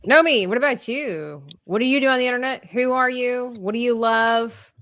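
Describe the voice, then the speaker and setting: Upbeat woman host on a stream, higher voice, gushes over art and quizzes guests. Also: normal speed, fairly bright tone. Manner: upbeat, gushing, asks guests questions. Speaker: livestream host. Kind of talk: casual chat on a livestream.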